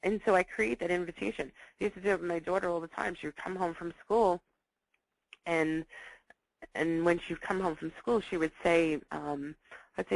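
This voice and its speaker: A woman teaches parents about children's behavior in a recorded talk, and the sound is close and dry. She stresses key points by repeating them and slips into lively voices to act out scenes between parent and child. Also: lowish voice, a little fast, gravelly, no echo, poor audio. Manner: acts out dialogues in lively voices.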